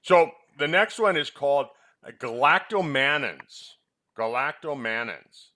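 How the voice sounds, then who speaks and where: A man's voice: on the high side, expressive, a little slow, pushed and bright, a little hiss or hum. A man who presents health products and once ran a clinic, chatting in a rambling way and teasing his co-host with quiz questions. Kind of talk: casual chat about supplements.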